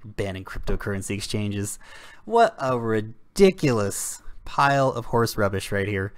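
This young adult man hosts a crypto video channel and rants to camera, indignant and sarcastic, in blunt, slangy language. His voice sits on the low side with a sing-song lilt, and he keeps a moderate pace.

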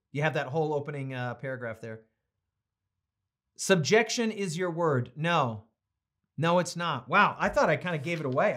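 Animated high-voiced male preacher. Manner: emphatic preaching that shifts into chatty, playful reading of comments. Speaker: pastor and Bible study teacher. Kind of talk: live-streamed Bible study, reading viewer comments.

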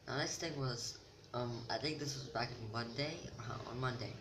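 A man's voice: medium pitch, moderate pace. A teenage boy vlogging to camera in a rambling, self-mocking chat that keeps losing its thread. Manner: rambling, self-mocking, loses his train of thought. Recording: noisy home recording.

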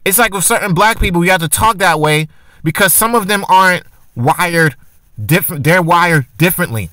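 A man's voice: high voice, moderate pace, bright, forceful tone, dry recording. A man giving casual opinion commentary for his channel, arguing his point with rhetorical questions and frequent restarts. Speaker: commentary vlogger.

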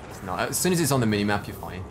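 A man's voice: lowish voice, big pitch swings, rapid-fire, noisy background. A man joking and calling out moves to his teammate during a game. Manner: easygoing, joking callouts. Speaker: gaming teammate. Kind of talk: casual co-op gameplay chat.

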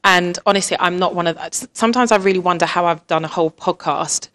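A woman's voice: lowish voice, fast, fairly bright tone. A woman in her thirties speaking on a panel, chatty and candid, laughing often and acting out family conversations. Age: 30s.

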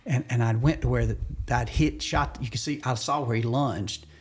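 Husky Southern man telling a story. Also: normal speed. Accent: Southern US (Georgia). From Georgia, USA. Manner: excited, acts out quotes with jumps in pitch. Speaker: podcast guest, hunter. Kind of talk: animated storytelling in casual conversation.

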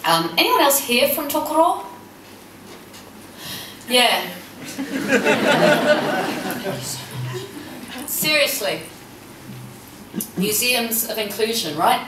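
A woman's voice: a little high, big pitch swings, slow, long pauses. A woman in her fifties who grew up in New Zealand, giving a humorous, passionate conference talk. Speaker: keynote speaker. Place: conference hall. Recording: echoey hall, mic at a distance, faint noise.

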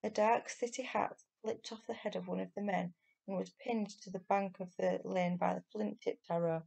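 A woman teacher reading a children's novel aloud at an even pace. Her voice carries a gravelly edge, and her storytelling stays steady and clear. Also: medium pitch, moderate pace.

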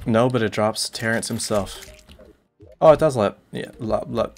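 A young man streaming a video game, tossing off deadpan absurd jokes and mock complaints in casual commentary. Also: lowish voice, a little slow, creaky, soft background music.

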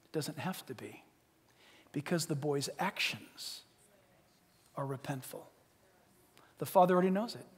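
Animated high-voiced pastor preaching. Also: male voice, a little slow, pauses often, breathy edge, in a large hall. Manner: animated storyteller, swinging from loud to hushed. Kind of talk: sermon.

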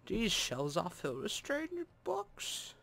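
A man voicing his own inner conscience with a put-on German accent, reading slowly and gravely in a game commentary. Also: high-pitched, huge pitch swings, voice pushed up, exaggerated voice. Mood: ominous. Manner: slow, grave storybook reading. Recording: loud music playing behind.

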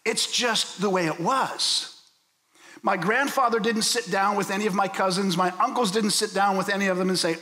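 A man's voice: sits high, normal speed, sharp tone. A man from Pittsburgh preaching a sermon as pastor, telling stories and asking the listeners questions. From Pittsburgh, USA. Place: church sanctuary. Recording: long hall reverb.

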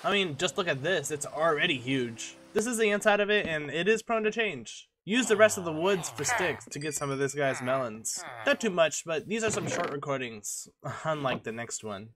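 A man's voice: fairly high pitch, expressive, moderate pace, few pauses, a bit bright. A young man giving a casual, joking and self-mocking voice-over on his own gameplay footage. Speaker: gaming channel host.

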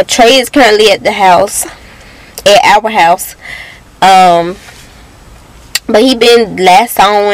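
A woman's voice: mid-range voice, poor audio. A young woman speaks straight to her phone camera from her car. Her talk is loose and casual, sprinkled with "y'all," and she keeps holding back tears as she goes on. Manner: emotional, near tears, addresses viewers as y'all. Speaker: vlogger. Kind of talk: casual personal vlog.

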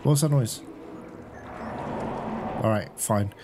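A man's voice: fairly low pitch, slow, noisy background. A man giving casual let's-play commentary, chatting to his viewers, laughing and swearing often. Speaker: gaming streamer.

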